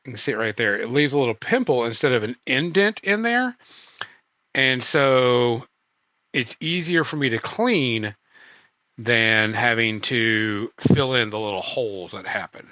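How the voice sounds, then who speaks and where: A man hosting a casual stream, rambling along with plenty of ums. His voice is bright and forceful, heard on dry, dull, lo-fi audio with no room sound. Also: mid-range voice, animated, a little slow, dry recording. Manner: loose and rambling, full of ums and uhs. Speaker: podcast host.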